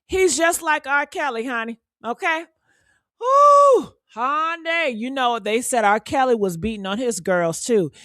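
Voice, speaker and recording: Brash high-voiced woman ranting. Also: moderate pace, hardly any pauses, no echo, studio quality. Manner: brash, profane, calls listeners honey, loud whoops. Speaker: commentary channel host. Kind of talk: heated reaction commentary.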